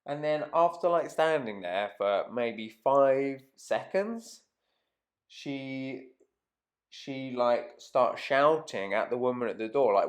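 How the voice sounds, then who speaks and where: A man's voice: mid-range voice, takes it slowly. A man telling a rambling, casual anecdote to camera, swearing freely and trailing off mid-sentence. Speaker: vlogger.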